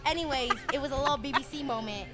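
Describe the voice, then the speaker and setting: A woman's voice: high voice, racing. A woman bantering crudely and jokingly as a guest on a casual podcast.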